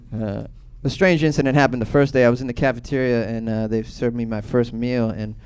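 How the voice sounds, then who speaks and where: A man in his thirties from Boston doing a stand-up comedy set, telling a loose, profane story with sudden loud bursts. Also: mid-range voice, steady tone, moderate pace, smooth. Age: 30s.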